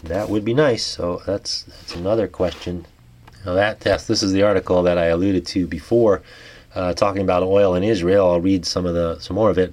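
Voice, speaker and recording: A man with a New York accent reads a news article aloud, then muses about it in a halting way, full of restarts and fillers. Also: sits low, fairly even intonation, darkish tone. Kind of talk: reading articles and musing aloud.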